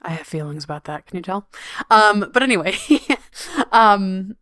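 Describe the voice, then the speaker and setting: A woman hosting her own podcast in a candid, casual solo talk, slangy and animated, acting out her own inner voice. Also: medium pitch, unhurried, dry recording, clean studio sound. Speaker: podcast host.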